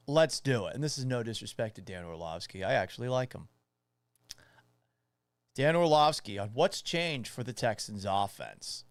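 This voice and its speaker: Animated man hosting sports talk. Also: medium pitch, gravelly, smooth, no echo. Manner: animated, sarcastic, punchy. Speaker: sports radio and podcast host.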